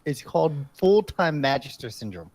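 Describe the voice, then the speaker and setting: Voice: mid-range voice, sing-song, moderate pace, darkish tone, a little hiss or hum. A podcast co-host in casual chat, blunt and dismissive, often repeating to clarify.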